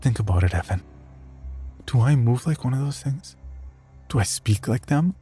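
A man's voice: medium pitch, lively intonation, normal speed, dark tone, faint music behind, voice pushed up, lightly acted. A man voicing a frightened young woman who pleads desperately with her boyfriend. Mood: urgent pleading.

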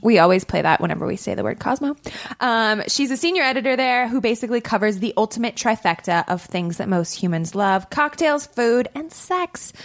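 A woman co-hosting a dating podcast, chatting casually with lots of filler words. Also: a little high. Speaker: podcast co-host. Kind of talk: casual chat.

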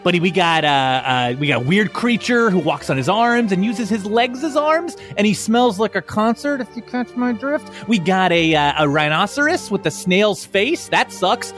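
A man's voice: high-pitched, expressive, normal speed, few pauses, fairly bright tone, faint music behind. A man narrating a tabletop game as game master, describing scenes in a playful, vivid way.

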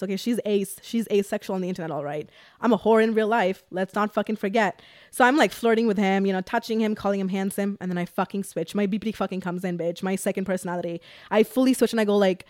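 A young woman hosts her own podcast and tells a story in a loose, chatty way, swearing freely and calling out to her listeners. Her voice sits at a middle pitch for a woman. The recording is dry and close, with no room sound. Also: quick pace, no room sound. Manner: animated, profane, addresses listeners as you guys. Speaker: podcast host. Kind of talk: casual storytelling.

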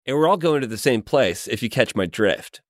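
An oily, overly friendly self-help pastor, played by a man, who stretches his words like a salesman. His pitch rises and falls in wide swings, and the sound is dry and close-miked. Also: lively intonation, fairly quick, no echo, lightly acted. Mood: smarmy. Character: smooth-talking charismatic male self-help pastor. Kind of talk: improvised comedy role-play.

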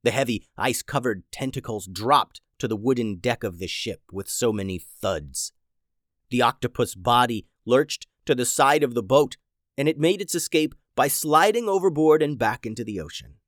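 A man narrating a children's adventure story in an animated, dramatic way. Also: medium pitch, normal speed, no echo, studio quality.

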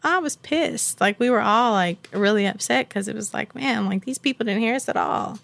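A woman's voice: fairly high pitch, moderate pace, creaky, fairly bright tone. A woman in her thirties, a guest in an interview, talking candidly and reflectively, with faith and conviction.

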